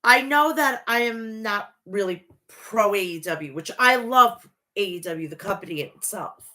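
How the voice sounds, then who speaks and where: Tearful forties woman vlogger, unhurried delivery, sharp bright voice, swears freely. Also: mid-range voice, expressive. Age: 40s. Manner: emotional, profane, gushing. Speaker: wrestling show reviewer. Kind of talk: casual review vlog.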